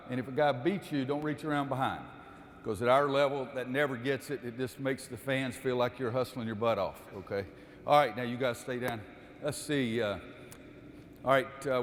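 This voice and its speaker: A man running a basketball coaching clinic, calling out cues during drills and explaining the defense to the audience. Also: mid-range voice. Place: gym. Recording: echoey gym with long reverb.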